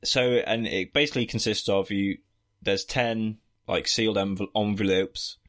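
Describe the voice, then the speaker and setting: A man's voice: on the low side, fairly even intonation, normal speed, a bit bright. A man co-hosting a podcast, recapping a film in a rambling, joking way with lots of fillers. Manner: rambling, with frequent fillers and jokey asides. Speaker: podcast co-host. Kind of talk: casual film-review chat.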